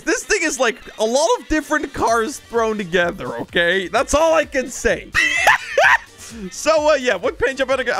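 Excitable high-pitched young man gaming. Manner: excitable, laughs often, exclaims. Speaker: gaming YouTuber. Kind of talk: energetic gameplay commentary. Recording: music playing faintly behind.

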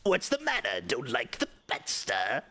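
A man voicing a shady older male criminal in a slow, low gangster drawl. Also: huge pitch swings, bright, forceful tone, exaggerated voice. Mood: taunting.

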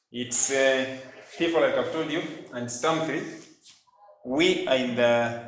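Slow-speaking male teacher, echoey classroom. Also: mid-range voice, a little hiss or hum. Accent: Ugandan English. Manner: slow, deliberate, repeats words and corrects himself. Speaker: primary school English teacher. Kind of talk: classroom lesson reading vocabulary aloud. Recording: very echoey room.

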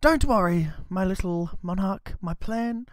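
A man's voice: high voice, a little slow, no echo, clean studio sound. Swearing, joking male game streamer. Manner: swearing, joking, laughing to himself. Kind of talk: casual game livestream commentary. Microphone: desk microphone.

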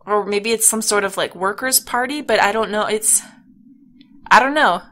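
A young American woman giving casual let's play commentary, chatty and thinking out loud with amusement. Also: medium pitch, moderate pace. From United States.

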